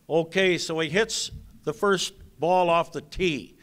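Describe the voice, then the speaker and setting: Older man at the podium, unhurried and crisp, dry deadpan humor, a bright, slightly high voice. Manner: dry, deadpan joke telling. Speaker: retired basketball coach giving an induction speech. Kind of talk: after-dinner speech with jokes.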